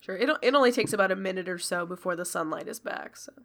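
A woman narrating as game master of a tabletop role-playing game, casual and given to quick self-corrections. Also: on the low side, gravelly, a bit bright.

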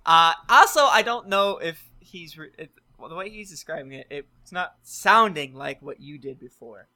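A man's voice: on the high side, expressive, normal speed, bright, forceful tone. A man co-hosting a podcast, chatting casually and jokingly reading listener reviews. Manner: jokey, self-mocking. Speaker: podcast co-host.

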